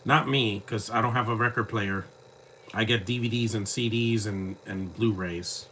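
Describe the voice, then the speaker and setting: A man's voice: on the low side, fairly even intonation, moderate pace, pushed and bright, a little hiss or hum. A man giving casual live commentary over a film, with rambling, joking asides. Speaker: movie commentator.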